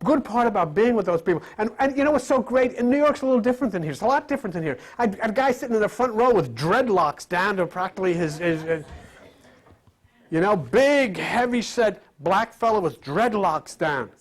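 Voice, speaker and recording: Speaking live to an audience on spiritual matters, this man has a high, animated, brisk voice. His lecture wanders conversationally, full of jokes and questions he doesn't expect answered.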